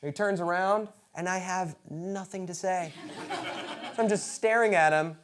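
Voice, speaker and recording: A stand-up comedian in his thirties telling personal stories on stage, animated and bursting into loud acted-out quotes. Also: sits high, moderate pace. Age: 30s. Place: comedy stage before a live audience.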